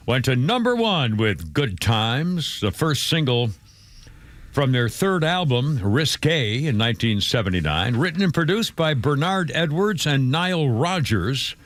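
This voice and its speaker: A man's voice: medium pitch, fairly bright tone. An older man hosting a talk radio show, rambling loosely through a live-read ad and studio chat full of fillers and asides.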